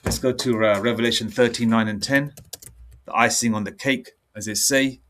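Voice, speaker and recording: A man's voice: medium pitch, steady tone, moderate pace, fairly bright tone, slight background noise. A man preaching angrily and reading scripture aloud. He talks in a combative way and keeps checking in with "all right?" and "okay?". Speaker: religious teacher.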